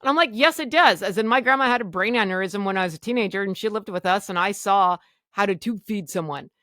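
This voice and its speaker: A woman's voice: medium pitch, fast, bright, forceful tone, no room sound, clean studio sound. A woman hosting her podcast, telling a personal story frankly and bluntly, acting out the back-and-forth of conversations. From Canada. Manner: blunt, frank, acts out quoted dialogue. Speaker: podcast host.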